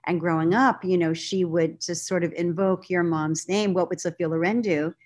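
A woman filmmaker being interviewed, telling stories in a lively way and acting out quotes. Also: fairly low pitch, normal speed. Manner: lively storyteller, acts out quotes. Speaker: filmmaker guest. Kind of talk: casual interview chat.

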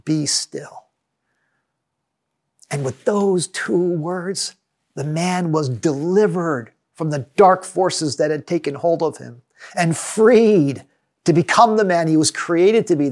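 Man, pastor, sermon, measured earnest delivery, slightly higher voice. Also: a little mellow. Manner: measured, earnest preaching with reading aloud from scripture.

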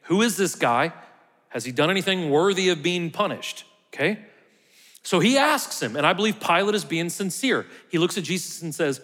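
A man's voice: high-pitched, big pitch swings, a little fast, fairly bright tone, in a large hall. A man preaching a conversational sermon, sometimes dropping to a near whisper for emphasis. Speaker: pastor.

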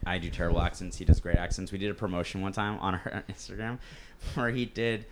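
Fast-talking low-voiced man, noisy. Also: level tone. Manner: rambling, lots of fillers. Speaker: podcast co-host. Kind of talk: casual chat. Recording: noisy recording.

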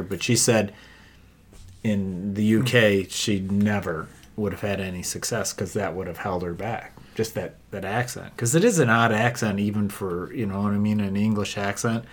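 A man with a somewhat low voice recounts details in a relaxed, conversational manner. He co-hosts a casual political chat. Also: normal speed.

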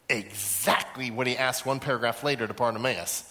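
A man's voice: mid-range voice, moderate pace, few pauses. A male pastor preaching a sermon in a large auditorium, telling stories and acting out the voices in them. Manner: lively storytelling, acts out quoted voices. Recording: echoey hall.

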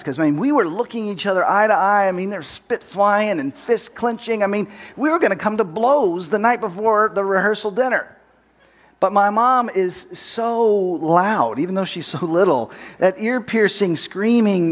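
A man preaching, telling a personal story in a candid, self-deprecating way with light laughter. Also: high-pitched. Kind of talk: sermon storytelling.

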